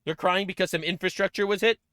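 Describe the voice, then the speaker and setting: A man's voice: high-pitched, steady tone, fast, clean tone, no echo. Mocking, foul-mouthed male commentator, dry close mic. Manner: mocking, profane, swings into loud sarcastic outbursts. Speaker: political commentary streamer. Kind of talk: reacting to clips on a stream.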